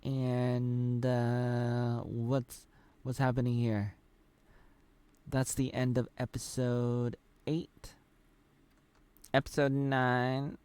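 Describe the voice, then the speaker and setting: A man's voice: mid-range voice, monotone, very slow, warm tone, clear, resonant tone, no echo. Rambling man recapping a show. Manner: rambling, loose retelling with many restarts. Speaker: show reviewer. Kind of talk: casual spoken episode recap.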